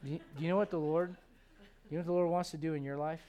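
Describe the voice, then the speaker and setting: A middle-aged male pastor preaching a sermon in an animated, joking way. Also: fairly high pitch, rapid-fire, dull audio. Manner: animated, joking, acts out quoted voices.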